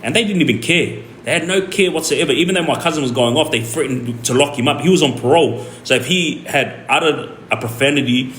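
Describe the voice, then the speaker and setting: Australian streamer, mid pitch, rambling storyteller, roomy echo, faint hiss behind. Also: male voice, brisk, few pauses. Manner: rambling and animated, many fillers and restarts. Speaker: streamer telling his story. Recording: echoey room with faint ambient noise.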